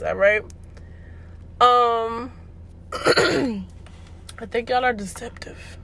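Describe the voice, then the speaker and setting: A woman's voice: mid-range voice, steady tone, slow, long pauses, pushed and bright. A young woman hosting a casual solo podcast, chatty and slangy, laughing and joking as she talks. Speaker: podcast host.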